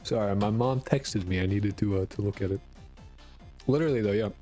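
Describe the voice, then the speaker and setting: A man's voice: fairly low pitch, fairly quick, warm tone, soft background music. A man from rural Connecticut, with a mixed New York, Boston and Connecticut accent, chatting casually and profanely on a game dev live stream. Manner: rambling, profane, self-deprecating.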